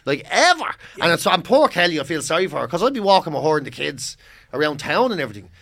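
An Irish man chatting as a podcast guest, telling lively stories and acting out what other people said. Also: a little high, quick pace, gravelly. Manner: animated storyteller who acts out other people's lines. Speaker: guest comedian. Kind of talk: casual chat.

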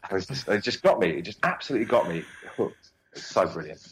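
A man's voice: deep voice, very animated, fast, a little hiss or hum, rough recording. A young man with a Cockney accent, an actor chatting as an interview guest, rambling and swearing freely. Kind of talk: casual interview chat.

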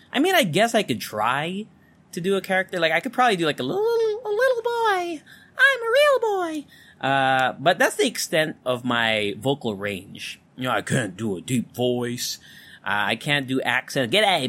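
A man's voice: mid-range voice, pushed and bright. A man with a neutral American accent hosting a solo podcast from his home, talking candidly and loosely, swearing freely. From Philippines. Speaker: podcast host. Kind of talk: casual solo podcast monologue. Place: home room with electric fan running. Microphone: studio condenser mic.

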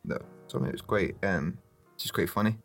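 A man's voice: low-pitched, brisk, fairly bright tone, faint music behind. A Scottish man chatting casually as a podcast host, rambling, swearing freely and laughing. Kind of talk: casual chat.

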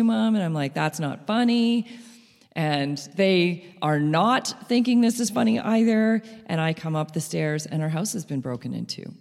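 Gravelly-voiced woman telling a story in a hall. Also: deep voice. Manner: animated storyteller, laughs between phrases. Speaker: speaker. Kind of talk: personal storytelling talk. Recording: long hall reverb.

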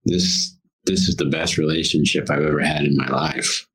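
A man on a podcast telling a story and giving earnest spiritual advice, slowing down on key words. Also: extremely low pitch, fairly even intonation, a bit bright, husky, rough recording. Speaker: podcast guest, intuitive.

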